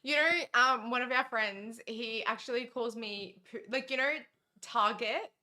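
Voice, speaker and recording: A young woman talks in a bright voice set a little higher than most. She chats playfully with her co-host on a casual live stream and often breaks into laughter. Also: fairly even intonation, unhurried. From Australia.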